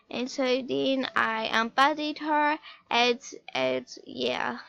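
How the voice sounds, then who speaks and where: A young female vlogger retelling a story in a rambling, halting way, often restarting her sentences. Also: sits high, animated, vocal fry, sharp tone, highs cut off. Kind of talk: storytime vlog.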